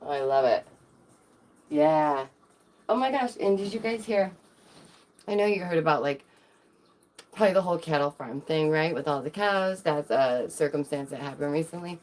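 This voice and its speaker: Chatty low-voiced woman streamer. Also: lively intonation, moderate pace, pauses often, a little mellow. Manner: chatty, rambling, many fillers and restarts. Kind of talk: casual live-stream chat.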